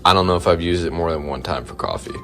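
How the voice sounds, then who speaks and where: A man's voice: sits low, fast talker, fairly bright tone, faint music behind. A young man vlogging casually to camera about his gym day, telling a rambling, slangy story. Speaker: fitness vlogger. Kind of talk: casual vlog talk to camera.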